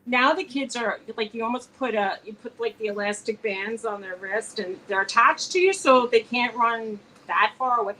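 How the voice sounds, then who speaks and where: A woman's voice: fairly high pitch, normal speed, few pauses, pushed and bright, low-quality recording. A woman with a slightly raised voice tells rambling stories in a casual chat between friends, restarting her sentences as she goes. Faint room noise sits under her voice. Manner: rambling storyteller, restarts often. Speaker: co-host.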